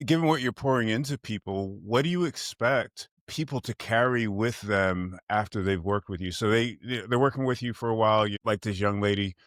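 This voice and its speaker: A man's voice: on the low side, fairly quick, hardly any pauses, fairly bright tone, no echo, clean studio sound. A man hosting a podcast who asks reflective questions and repeats himself as he works them out. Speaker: podcast host. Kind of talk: interview questions.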